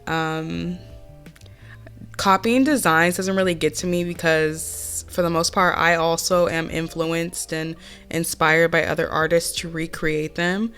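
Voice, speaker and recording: A woman's voice: fairly low pitch, fairly even intonation, measured pace, fairly bright tone, smooth, faint music behind. A woman with a nasal voice from a cold, chatting candidly through a casual voiceover Q&A as a nail artist and channel host. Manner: chatty and candid, with many fillers. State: sick with a cold. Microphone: home voiceover mic.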